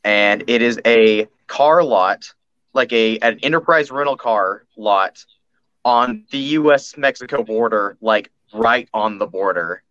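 A man guesting on a podcast in casual chat, telling an anecdote in a laid-back way and slowing down to stress details. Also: on the low side, a bit bright, no echo, dull audio.

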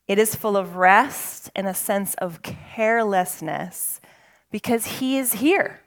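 A woman pastor delivering a sermon, slow and emphatic, with dramatic pauses. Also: mid-range voice.

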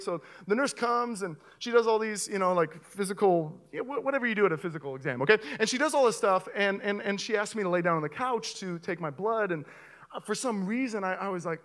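Animated high-voiced young male pastor. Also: fast talker. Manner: animated storyteller, voice rising sharply with excitement. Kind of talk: sermon with a comic personal story. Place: church auditorium with audience.

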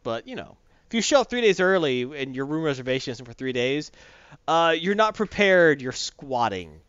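Jokey, animated male co-host with a lively voice; plain, dry, slightly muffled recording. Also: on the high side, moderate pace, smooth, no echo. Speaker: podcast co-host. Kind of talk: casual chat.

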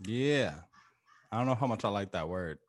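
Low-voiced man in loose podcast chat. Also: animated, moderate pace. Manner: loose, profane, repeats himself for emphasis, laughs often. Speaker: podcast co-host. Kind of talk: casual chat.

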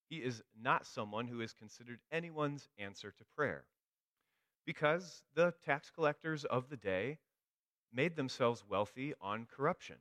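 A man's voice: medium pitch, fairly bright tone, no room sound. A man giving a sermon, telling a story with dry humor. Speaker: preacher.

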